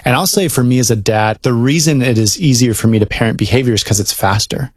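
A man talking earnestly about fatherhood and faith in a relaxed conversation. His tone is reflective and searching, with fillers as he works through his thoughts. The sound is close and dry, with no room echo. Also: medium pitch, quick pace. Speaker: guest speaking as a dad. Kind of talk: casual faith-based conversation.

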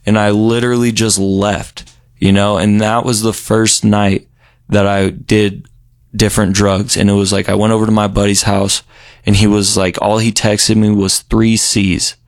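A young man from Colorado telling his recovery story in a relaxed, rambling way, full of "you know" and "um.". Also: fairly low pitch, moderate pace, no room sound, studio quality. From Colorado, USA. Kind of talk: casual recovery story interview.

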